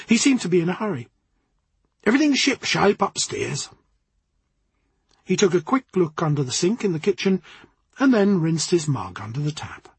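High, husky male storyteller. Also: no room sound. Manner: expressive, wry reading. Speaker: narrator. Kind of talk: storybook narration.

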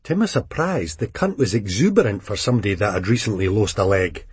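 A man with a Scottish accent narrating a novel in a blunt, deadpan way. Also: on the low side, a little fast, few pauses, slightly rough, no echo. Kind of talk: audiobook narration.

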